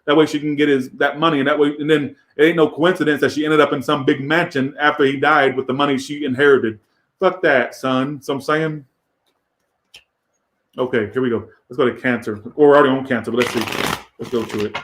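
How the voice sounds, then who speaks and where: A man's voice: medium pitch, steady tone, brisk, a bit bright. Male tarot reader, profane and rambling, echoey room. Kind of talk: casual tarot reading.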